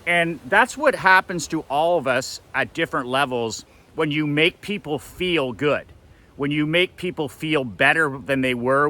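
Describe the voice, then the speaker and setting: A man's voice: medium pitch, pushed and bright. A middle-aged man who coaches for a living, telling a personal story in a blunt, emphatic way and swearing freely. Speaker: motivational coach.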